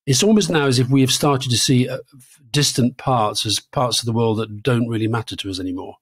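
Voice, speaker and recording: A British man at medium pitch talks politics as a podcast co-host in loose conversation. He circles back over his words, restarting phrases as he goes. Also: a little fast, slightly rough. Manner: conversational, repeats words while thinking. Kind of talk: casual political chat.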